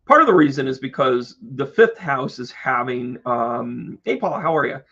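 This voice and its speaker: Gravelly-voiced man chatting on a stream. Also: medium pitch, animated, normal speed, fairly bright tone, muffled recording. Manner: chatty and joking, talking to viewers by name. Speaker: astrologer and tarot reader hosting a live stream. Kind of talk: casual live stream chat.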